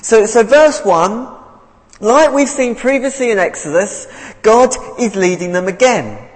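Slow, lively preacher. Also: male voice, sits high, big-room sound, low-quality recording. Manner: earnest, repeats words as he goes. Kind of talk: sermon.

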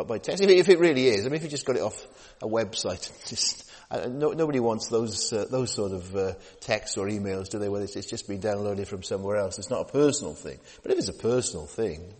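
In a church hall with long, echoing reverb, a male preacher delivers a conversational sermon a little fast, his pitch moving in a lively, animated way. He often stumbles and restarts, checking in with listeners through tag questions.

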